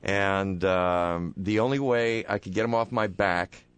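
A man hosting a radio talk show, hoarse and playful, joking with his co-host and callers in the studio. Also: sits low, fairly even intonation, a little slow, dry recording. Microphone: studio microphone.

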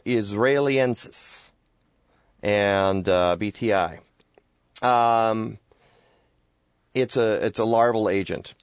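A man hosting a radio garden show, talking casually in a rambling, halting way with many fillers. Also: mid-range voice, dry recording.

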